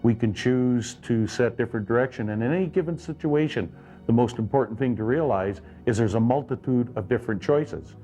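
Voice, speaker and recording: A man calmly explaining ideas about choice and responsibility in a measured, lecturing way. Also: medium pitch, soft background music. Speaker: clinic therapist. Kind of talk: calm explanatory talk.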